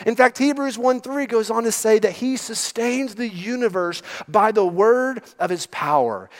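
A man preaching a sermon as pastor, emphatic and sometimes dropping to a hush. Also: high-pitched, a little slow, few pauses. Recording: long hall reverb.

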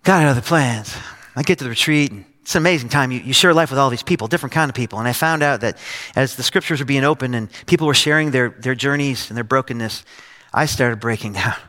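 A man's voice: mid-range voice, quick pace, bright, forceful tone, long reverb tail. A middle-aged male pastor preaching a sermon, telling a personal story with acted quotes. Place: church stage.

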